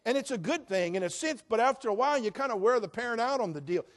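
High-voiced preacher, dramatic swings. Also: male voice, lively intonation. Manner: swings between soft, hushed passages and loud, emphatic declarations; slows down to stress key phrases. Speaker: pastor. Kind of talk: sermon.

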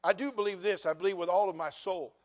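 An older man delivers a sermon in a high voice. He tells his story in hushed, quiet passages, then climbs to loud, fervent preaching. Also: fairly even intonation, fast talker. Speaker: pastor.

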